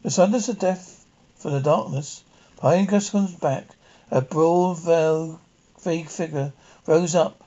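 A man reading a short story aloud with dramatic pauses. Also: a little high, mellow, highs cut off. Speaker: audiobook reader. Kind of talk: storybook narration.

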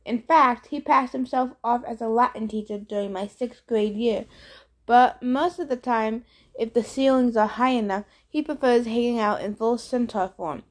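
Woman audiobook reader, wry conversational narration, slightly high voice. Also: moderate pace. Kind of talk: first-person storybook narration.

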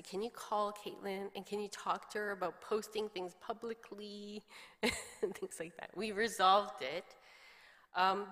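A woman's voice: medium pitch, a bit bright. Middle-aged woman pastor preaching in a reverberant hall. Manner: chatty, storytelling with laughs and quoted voices. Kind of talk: sermon.

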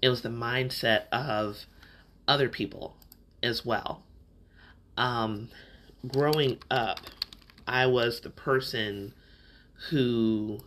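This podcast host, a man whose voice is bright and forceful, reflects openly on a personal story in a relaxed, meandering style. He speaks slowly at a middle male pitch with fairly even intonation and frequent pauses, and there's a faint hiss or hum in the recording.

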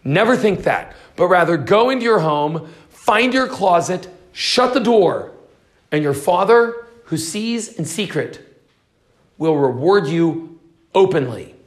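A man with a high voice preaches a sermon. He reads scripture aloud and then explains it in the style of an expository preacher. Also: animated, slow. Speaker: pastor.

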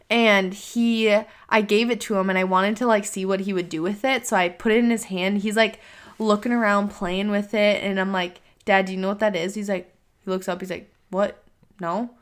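A young woman in her twenties co-hosts a casual podcast. She rambles in a chatty way, scattering "like" through her sentences. Her voice sits at an ordinary middle pitch. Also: fairly bright tone. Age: 20s. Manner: chatty, full of "like" fillers. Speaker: podcast co-host. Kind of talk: casual chat.

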